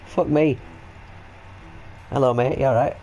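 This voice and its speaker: Excitable British man narrating gameplay. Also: mid-range voice, a little slow, low-quality recording. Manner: excitable, sweary, jokey. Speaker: gaming video host. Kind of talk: let's-play commentary.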